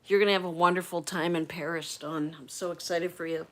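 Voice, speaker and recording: A woman's voice: on the low side, fairly even intonation, moderate pace. A woman chatting candidly on a casual livestream from her phone at home, swearing freely as she talks. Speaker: livestream host.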